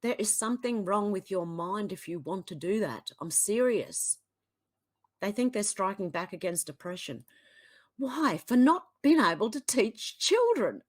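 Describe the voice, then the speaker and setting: An Australian woman talking straight to camera as a political vlogger, blunt and exasperated. She reads posts aloud, then cuts in with scathing asides, her voice sitting at an ordinary middle pitch. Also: sing-song, unhurried. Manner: exasperated, blunt, swings between sighs and outbursts. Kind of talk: reading posts aloud and reacting.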